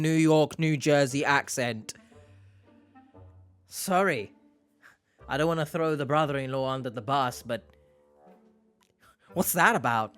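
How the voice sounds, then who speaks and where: A man's voice: on the high side, fairly bright tone. A man giving casual, sarcastic reaction commentary with joking asides. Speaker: reaction video host.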